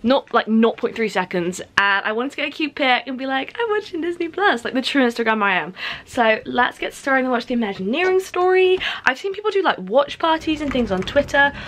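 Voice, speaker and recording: Bubbly young woman, slightly high voice. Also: lively intonation, brisk, a bit bright. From United Kingdom. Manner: bubbly, gushing, peppered with "like" and "literally". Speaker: vlogger. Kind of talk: casual home vlog. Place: at home in front of the TV.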